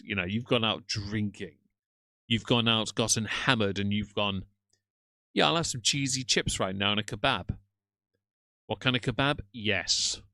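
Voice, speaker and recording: A man's voice: on the low side, a bit bright, no room sound. A man doing sarcastic live-stream reaction commentary and greeting viewers by name.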